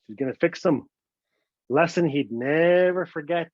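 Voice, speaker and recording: A storyteller from Northern Canada telling a comic tale with playful asides and frequent tag questions. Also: male voice, a little high, unhurried, a little mellow. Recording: dull, dry lo-fi recording.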